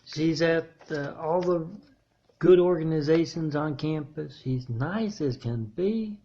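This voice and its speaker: Guy voicing a college girl gossiping low and hushed, husky and dull sound. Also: takes it slowly. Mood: confiding. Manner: lowered, confiding voice. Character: gossiping young college woman.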